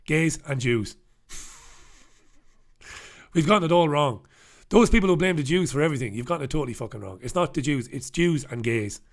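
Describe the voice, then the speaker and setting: A man's voice: mid-range voice, a bit bright. A man hosting a solo comic newspaper review, rambling and swearing, breaking into snatches of song. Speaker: host.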